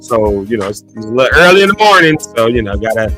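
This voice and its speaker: A man hosting a live morning show from his office, chatting casually, reading viewer comments aloud and giving playful shout-outs. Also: mid-range voice, big pitch swings, quick pace, soft background music.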